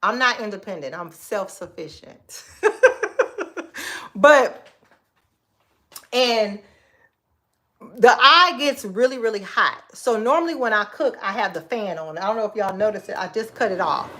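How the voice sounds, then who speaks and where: A woman in her forties chatting casually on a livestream from her kitchen, sassy and expressive, laughing often and giving advice to viewers she calls girl and baby. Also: medium pitch, a little slow, long pauses. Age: 40s. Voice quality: expressive, laughs often, Southern Black American vernacular turns. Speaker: livestream host. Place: home kitchen.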